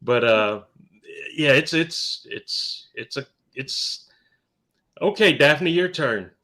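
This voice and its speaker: Podcast co-host, male, bright tone, lively pitch, halting delivery with frequent restarts. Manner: halting, restarts a lot, joking. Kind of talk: casual chat.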